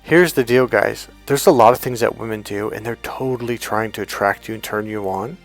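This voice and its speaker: Male dating coach, gravelly voice, blunt and profane, animated storyteller, faint music underneath. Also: on the low side, a little fast. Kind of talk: monologue to camera.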